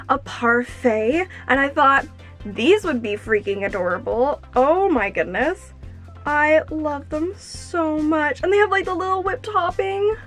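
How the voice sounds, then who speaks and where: High-voiced gushing young woman vlogger. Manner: gushing, excitable, fillers like "oh my gosh". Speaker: YouTuber. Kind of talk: unboxing vlog. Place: at home.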